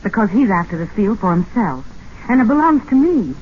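Woman voicing a young scheming southern lady, earnest and urgent, lively high voice, muffled old film sound. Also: brisk, a little hiss or hum, lightly acted. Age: young adult.

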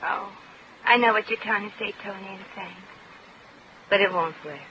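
A woman's voice: mid-range voice, moderate pace, vocal fry, close to an everyday voice. A woman playing a brash American shop girl in a 1940s radio drama, talking in slang with wisecracks. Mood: wistful. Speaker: lead actress. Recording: muffled old radio recording with hiss.

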